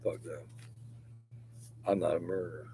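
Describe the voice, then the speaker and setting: A man's voice: low voice, fairly even intonation, normal speed, dark tone, slight background noise, poor audio. An older man rambling through a profane, confessional livestream monologue.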